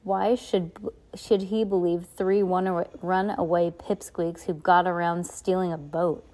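A woman's voice: on the low side, steady tone, unhurried, darkish tone, natural voice. A woman reading aloud, voicing a scheming, sneering villain with a mocking, impatient manner.

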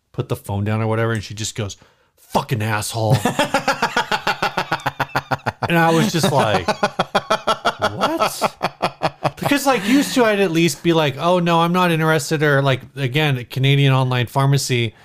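Male co-host, casual chat, laughs easily, average pitch. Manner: chatty, laughs through anecdotes. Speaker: podcast co-host.

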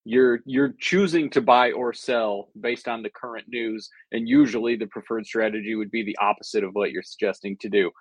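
A man's voice: fairly low pitch, fairly even intonation, moderate pace, hardly any pauses, no echo. A man co-hosting a podcast, laid-back and joking, stammering over restarts. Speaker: podcast co-host. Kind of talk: casual podcast chat.

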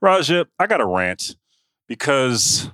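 Animated man ranting on a podcast. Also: mid-range voice, takes it slowly, no room sound. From San Francisco Bay Area. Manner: animated ranting, repeats himself for emphasis. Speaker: podcast co-host. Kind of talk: casual sports podcast chat.

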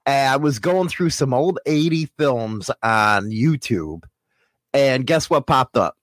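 Lively joking man, dry close sound. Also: medium pitch, takes it slowly, no echo. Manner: joking, rambling, bawdy. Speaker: podcast co-host. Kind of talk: casual crude chat.

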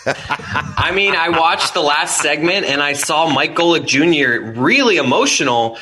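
A man's voice: on the high side, animated, a little slow, pushed and bright, rough recording. A young man who hosts a radio show, speaking earnestly and sincerely. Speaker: radio host guest.

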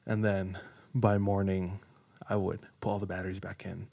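A young man in casual podcast chat, rambling through a teenage story and laughing often along the way. His voice sits a little low, and his manner is easygoing and chatty. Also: flat delivery, moderate pace, creaky, dark tone. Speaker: podcast co-host. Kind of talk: casual chat, personal anecdote.

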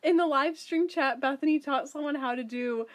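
A woman's voice: high-pitched, normal speed. A woman co-hosting a podcast, chatting casually and teasingly about a cartoon episode. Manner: teasing, chatty, explains things. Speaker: podcast co-host. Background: cartoon show audio and music.

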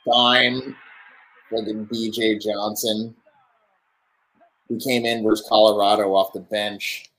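Deep-voiced guy in his 20s cussing nonstop while he streams and rambles over football clips. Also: flat delivery, unhurried, long pauses, rough recording. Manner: profane, swears constantly; loose and rambling, talks to viewers. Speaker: streamer reacting to football highlights. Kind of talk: casual live-stream commentary.

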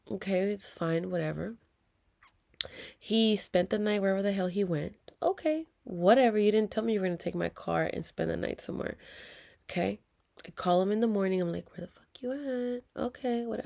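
A woman's voice: mid-range voice, creaky, dark tone. A woman, venting to viewers in a heated, profane story with whispered asides. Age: 30s. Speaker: vlogger.

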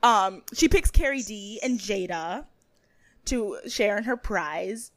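A woman's voice: medium pitch, slow. A young woman co-hosting a podcast, chatting casually, laughing, ranting and swearing as she recaps a reality show. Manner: animated, swears, laughs, rants, mimics voices. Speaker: podcast co-host.

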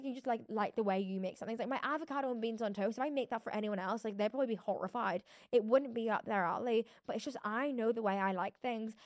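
A woman's voice: fairly high pitch, no room sound, clean studio sound. A young woman hosting a casual solo podcast, rambling and chatty with lots of restarts and casual swearing. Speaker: podcast host.

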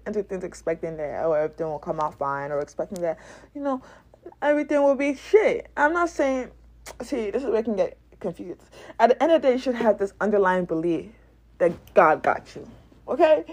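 A woman's voice: fairly high pitch, a little mellow. A woman hosting a casual spiritual podcast, talking animatedly, laughing and swearing as she acts out quoted voices. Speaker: podcast host.

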